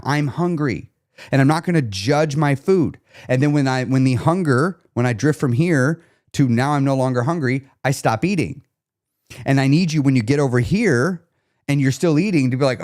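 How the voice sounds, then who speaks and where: A man of average pitch leads a coaching talk on a live stream. He speaks emphatically and comes back to the same questions again and again. He checks in with his viewers as he goes. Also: darkish tone. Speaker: weight loss coach.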